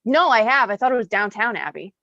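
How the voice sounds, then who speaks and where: A woman's voice: fairly high pitch, expressive, pushed and bright, no room sound. Reactive woman on a dull lo-fi line. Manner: reactive, quick to object. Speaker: podcast co-host. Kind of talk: casual chat.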